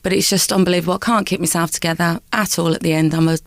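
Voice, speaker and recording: A woman, an actress and singer chatting as a radio guest, bubbly and quick to laugh as she tells stories. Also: on the low side, dry recording. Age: 30s. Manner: bubbly, laughing, animated storyteller. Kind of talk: chatty interview.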